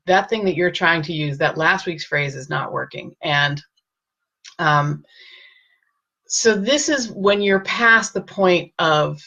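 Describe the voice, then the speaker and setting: A woman hosting a casual live-stream with parenting advice, speaking gently and reassuringly and greeting viewers by name. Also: fairly low pitch, slow, dull audio.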